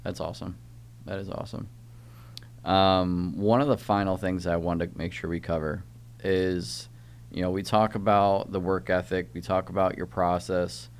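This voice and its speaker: A male podcast host with a notably deep, low-pitched voice. He backs his guest with easy agreement and strings his questions together loosely, in casual chat. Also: little pitch movement, normal speed, gravelly. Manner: agreeable, affirming listener who asks rambling questions. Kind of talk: casual interview conversation.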